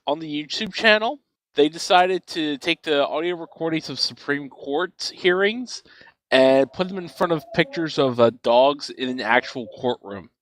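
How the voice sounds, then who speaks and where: A man's voice: a little high, lively intonation, moderate pace, fairly bright tone. A man in casual chat, explaining with many fillers and restarts. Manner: rambling with fillers.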